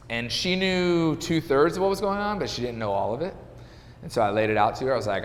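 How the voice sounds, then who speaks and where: A man in his thirties, a podcast guest and real estate agent, telling a candid personal story in a halting, conversational way. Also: mid-range voice, long reverb tail. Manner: conversational, halting with restarts and fillers.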